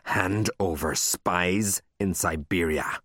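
A man puts on a stern older librarian woman, fierce but kind underneath. She talks in clipped, commanding orders in a low voice, his pitch swinging wide, and the sound is dry and close. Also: huge pitch swings, moderate pace, a bit bright, dry recording, exaggerated voice.

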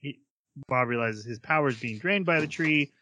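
A man's voice: medium pitch, normal speed, a little hiss or hum. A man on a podcast casually retelling an anime's plot, acting out the characters' lines. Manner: animated storyteller, acts out character quotes. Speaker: podcast co-host. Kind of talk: casual anime recap chat.

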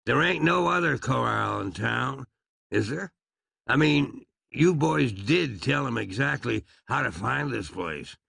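A man's voice: medium pitch, animated, slow pace, vocal fry, pushed and bright, breathy edge, no room sound, heavily acted. A man voicing Pa, a scheming old outlaw father who drawls in frontier speech. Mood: exasperated. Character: gruff old male outlaw patriarch, scheming.

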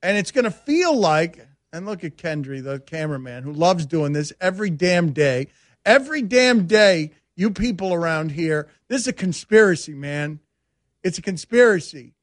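A sports radio host rants with plenty of sarcasm, talking animatedly into a studio microphone. His voice is fairly high, and the sound is close and dry. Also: sing-song, normal speed, dry recording. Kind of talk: casual sports talk radio.

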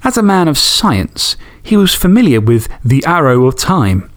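Podcast guy reading fan fiction, bouncy lively voice, gets excited and cusses. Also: on the high side, normal speed. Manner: enthusiastic, expressive, swears casually. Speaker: podcast host. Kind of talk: reading fan stories and chatting.

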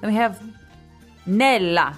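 A woman's voice: mid-range voice, lively intonation, slow, soft background music. A woman co-hosting a casual language-lesson podcast, who explains grammar step by step and teases her partner playfully. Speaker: co-host teaching Italian.

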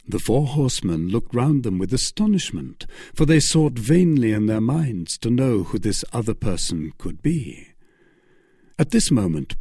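A male narrator tells a classic adventure story with measured, expressive phrasing. His voice is husky with a lively pitch range. The recording is close and dry, with no room sound. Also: dry recording. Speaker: audiobook narrator. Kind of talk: scripted narration of a classic novel.

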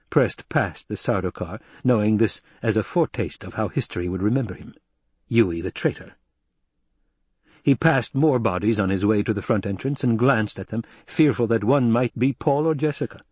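A man reading a novel aloud in steady, measured scripted narration. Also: on the low side, breathy edge, dry recording. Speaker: audiobook narrator.

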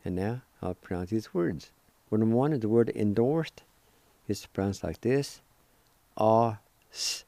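A man's voice: fairly low pitch, expressive, normal speed, gravelly, warm tone, no room sound. A man hosting a radio language lesson, patiently spelling words letter by letter and repeating each pronunciation. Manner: politely encouraging. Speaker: radio host teaching vocabulary. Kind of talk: slow, patient vocabulary lesson.

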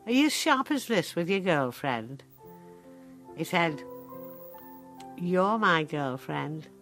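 An actress playing a sharp-tongued, ninety-five-year-old woman in a care home, telling her story in a dry, deadpan, wry way with a Northern English accent. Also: fairly low pitch, slow, soft background music, exaggerated voice. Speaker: monologue character. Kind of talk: dramatic monologue.

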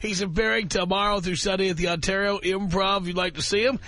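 A man hosting a radio show, announcing a break and the guest's dates in a brisk, businesslike way. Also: high voice, fairly even intonation, bright, forceful tone, no echo.

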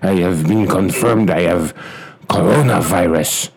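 A man voicing a bumbling male pizza-shop caller who speaks stiff, broken English on a prank phone call, with a low, husky voice. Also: a little slow, full character voice. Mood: grave. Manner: clipped broken-English phrasing, stiff and formal.

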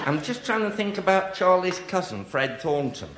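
Older male stand-up, confiding patter, deadpan punchlines, lively pitch, noisy live recording. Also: normal speed. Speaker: stand-up comedian. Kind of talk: stand-up comic storytelling. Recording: echoey live room with noise.

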